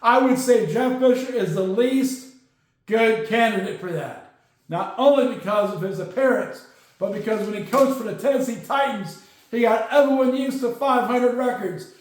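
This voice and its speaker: A man's voice: very high voice, normal speed. A man hosting a solo sports podcast, ranting his opinions and tagging points with "okay?". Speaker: podcast host. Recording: very echoey room.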